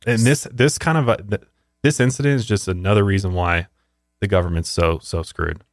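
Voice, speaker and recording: A man's voice: lowish voice, a little fast, no room sound, clean studio sound. A man co-hosting a podcast in casual chat, blunt and indignant, swearing freely. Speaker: podcast co-host.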